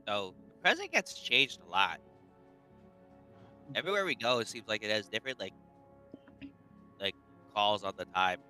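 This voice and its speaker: Tabletop player, bright clear voice with lively pitch, casual chatty delivery. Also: male voice, normal speed, long pauses, faint music behind. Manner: casual and chatty, many fillers. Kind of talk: casual tabletop game talk.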